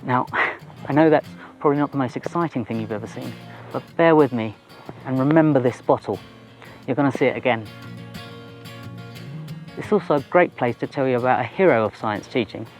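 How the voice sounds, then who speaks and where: A man's voice: mid-range voice, brisk, darkish tone, faint music behind. A man, a science teacher presenting a documentary to camera in a chatty, informal and self-deprecating way. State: a bit out of breath. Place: outdoors on a mountain top.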